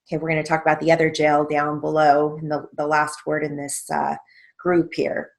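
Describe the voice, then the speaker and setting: A woman with a low, creaky, monotone voice teaches a steno theory lesson. She dictates slowly and patiently, spelling words out letter by letter and often checking in with "okay?"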